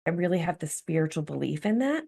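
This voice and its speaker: A woman with a low, gravelly voice tells her own recovery story in a candid interview. She speaks earnestly and reflectively, with a spiritual note. The tone is steady and heartfelt. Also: fast. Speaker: guest, empowerment coach.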